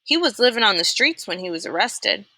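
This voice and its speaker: A woman's voice: mid-range voice, a little fast, dry recording, heavily acted, poor audio. A woman reading as a dismissive male counselor. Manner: flat, contemptuous remarks. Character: dismissive male camp counselor, badly beaten. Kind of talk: read-aloud character voice.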